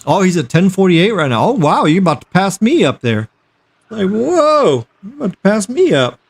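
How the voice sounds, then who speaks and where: A man's voice: high voice, sing-song, moderate pace, gravelly, slightly rough. A man hosting a tech livestream in casual chat, joking and reading out viewer messages.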